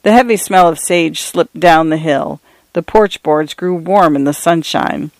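A man narrating a novel in a steady, measured audiobook reading. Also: a little high, no room sound. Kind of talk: scripted narration.

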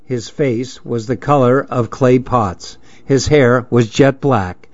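A man's voice: medium pitch, slow pace, dry recording. Man narrating a story on dull, dry audio.

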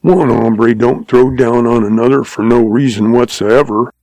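A man's voice: medium pitch, a little slow, a little mellow, no echo, natural voice, poor audio. A man voicing a grumpy, irritable old one-legged rancher who growls and snaps his words in a western drawl. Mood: snappish. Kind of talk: audiobook character voice.

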